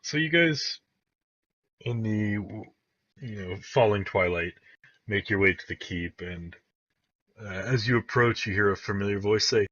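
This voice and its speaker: A man with a very low, husky voice narrates a tabletop game as game master, wandering through scenes with plenty of fillers. The recording is dry and dull, with a muffled, lo-fi edge. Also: measured pace, pauses often, fairly bright tone, no room sound. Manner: rambling, with many fillers.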